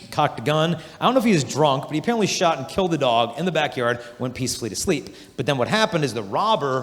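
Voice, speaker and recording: A man giving an energetic youth conference talk, telling animated stories and acting out the voices of people he describes. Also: fairly high pitch. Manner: animated storytelling, acts out quoted voices. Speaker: conference speaker. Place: large hall. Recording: long hall reverb.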